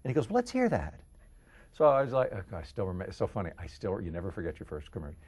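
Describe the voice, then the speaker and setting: A middle-aged voice-over actor from the Kansas City area with a deep voice, telling stories in a casual interview and jumping into quoted voices. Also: male voice, rapid-fire, husky. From Kansas City area, United States. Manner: animated, jumps into quoted voices.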